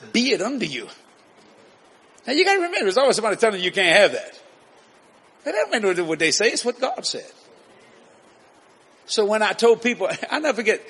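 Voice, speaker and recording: Animated preacher man, bright voice. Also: high voice, slightly rough. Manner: animated, laughing, acts out voices. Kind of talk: storytelling sermon.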